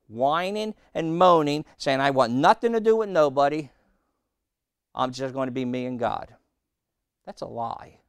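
A man preaching a sermon, emphatic and repetitive, quizzing his listeners and slowing down to read scripture. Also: a little high, smooth, dry recording, studio quality. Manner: emphatic, repeating phrases and asking the congregation questions; slows right down on scripture quotes.

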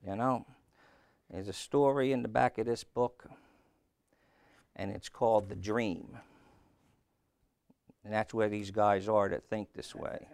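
A man's voice: lowish voice, fairly even intonation, slow pace, vocal fry, long pauses, a little mellow, clear, resonant tone, no room sound, clean studio sound. A man preaching a sermon in an emphatic way, often repeating his phrases.

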